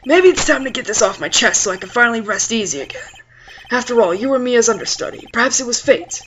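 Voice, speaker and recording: A worried, fatherly old lawyer with a Southern US drawl, put on by a woman speaks in courtly, old-fashioned phrases. The voice stays high and animated, with a bright ring. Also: fast talker, a little hiss or hum. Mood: troubled. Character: older male lawyer, fretful and fatherly.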